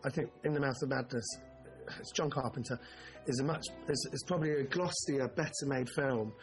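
Male podcast co-host, mid pitch, rambling casual film talk that keeps restarting, faint music under him. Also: a little fast. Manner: rambling, self-interrupting, swears.

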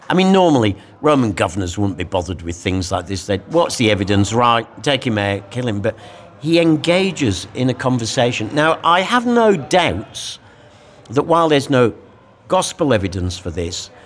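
A man in a conversational discussion of a Bible passage, speaking in a reflective, animated way. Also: mid-range voice. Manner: reflective, animated, acts out quoted lines.

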